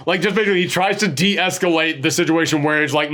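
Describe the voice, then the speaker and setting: A man chatting casually about a horror film, rambling and animated, now and then acting out lines in a gruff voice. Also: fairly high pitch, fast. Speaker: podcast host. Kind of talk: casual movie review chat.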